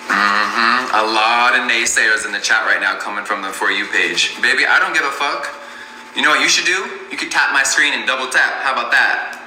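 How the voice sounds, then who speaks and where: A man's voice: medium pitch, brisk, pushed and bright. A man ranting to his livestream viewers from his kitchen, drawling and sassy, calling them baby and y'all. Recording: echoey room with faint noise.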